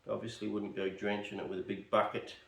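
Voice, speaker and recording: A lowish, creaky, fairly bright voice belongs to an Australian bonsai vlogger talking a little fast in a level tone. He chats and rambles as he pots plants, muttering to himself and joking at himself. Recorded from a distance, the sound is roomy.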